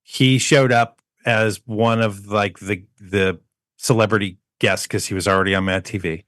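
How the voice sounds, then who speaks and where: A man co-hosting a podcast, chatting casually and telling a lively anecdote in which he mimics other people. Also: fairly low pitch, normal speed, dry recording, clean studio sound. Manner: animated anecdote teller who mimics people. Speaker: podcast co-host. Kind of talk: casual chat, storytelling.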